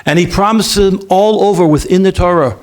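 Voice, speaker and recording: A man, a rabbi, talking to yeshiva students in a lively, conversational way, acting out bits of dialogue and checking in with his listeners. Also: high-pitched, brisk. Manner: lively, acts out dialogue in different voices. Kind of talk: animated talk to a student audience.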